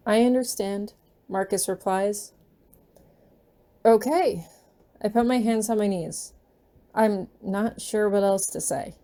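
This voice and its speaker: A woman reading her fan fiction aloud in a gentle, unhurried storytelling manner. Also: medium pitch.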